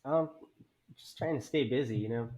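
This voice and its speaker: A man's voice: mid-range voice, moderate pace. Easygoing male musician guest. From Houston, Texas. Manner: relaxed, easygoing. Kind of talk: casual interview answers.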